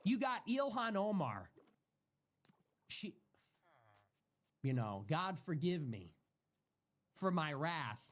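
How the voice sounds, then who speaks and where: A man's voice: fairly high pitch, sing-song, slow, pauses often. A man hosting a livestream, ranting in a heated, profane way and repeating himself for emphasis. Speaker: livestream host. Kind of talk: heated solo livestream rant.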